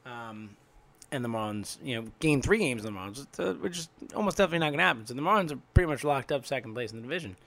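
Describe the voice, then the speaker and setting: A young man hosting a casual sports talk, ranting in frustration, his voice swinging from loud outbursts to quiet mutters. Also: mid-range voice, expressive, very fast, vocal fry. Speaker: sports podcast host. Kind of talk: casual sports commentary monologue.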